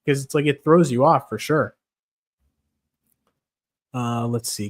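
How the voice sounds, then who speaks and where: Young dude streaming, rambling and swearing a lot, laughs a bunch. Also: male voice, medium pitch, takes it slowly, long pauses. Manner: profane, rambling, laughs often. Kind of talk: casual MMA stream chat.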